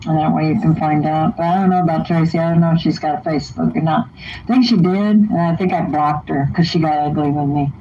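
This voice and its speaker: An older woman speaking on a phone call, slow and hesitant, rambling with many fillers. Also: deep voice, fairly even intonation, a little hiss or hum. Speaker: host's mother on a call.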